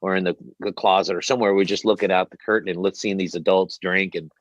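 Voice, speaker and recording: A man hosting an interview, telling a long story in a rambling, animated way and swearing freely. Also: low voice, fast, no room sound. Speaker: host. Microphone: headset. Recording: dull lo-fi dry sound.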